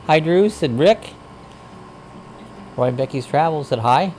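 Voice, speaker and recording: A man's voice: on the high side, lively intonation, measured pace, a little mellow, slight background noise. A man hosting a casual livestream chat, reading viewer comments aloud and greeting people in a folksy, rambling way. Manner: rambling, frequent uh fillers. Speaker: livestream host.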